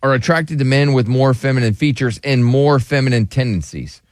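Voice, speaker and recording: A man's voice: mid-range voice, moderate pace, no room sound, clean studio sound. A man hosting a casual podcast, joking loosely and reading comments aloud. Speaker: podcast host.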